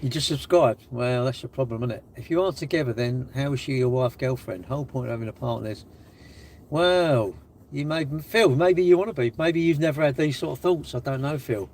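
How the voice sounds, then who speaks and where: A man's voice: medium pitch, brisk, darkish tone, slight background noise. Cocky older man teasing his chat. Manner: cocky, teasing banter with viewers. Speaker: livestream host reading chat. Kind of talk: casual live-stream chat.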